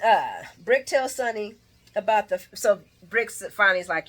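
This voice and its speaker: A woman hosting a casual, chatty recap, animated and slangy, who laughs and acts out lines. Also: mid-range voice, normal speed. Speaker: channel host. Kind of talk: casual soap opera recap.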